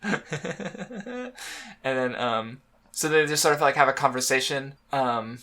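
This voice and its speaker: A man's voice: mid-range voice, expressive, slow pace, a loud crowd. A man co-hosting a podcast, chatting casually about manga in a rambling way, with lots of fillers, restarts and laughter. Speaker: podcast co-host.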